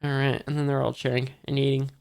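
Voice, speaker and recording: This reader speaks fast with little pitch movement, in a darkish mid-range voice with vocal fry. They read a comic chapter in a casual way, pausing often, forgetting names, and reading quotes in a near-plain voice.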